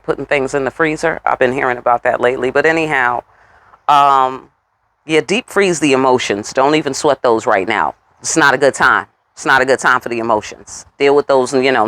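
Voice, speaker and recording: Sassy woman giving a tarot reading. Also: a bit bright. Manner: sassy, talks straight to viewers, curses freely; swoops up in pitch on rhetorical questions. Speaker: tarot reader.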